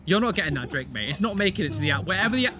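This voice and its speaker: A young man hosting a reaction video, reacting to clips in casual commentary with animated, disgusted exclamations. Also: sits high, racing, noisy background.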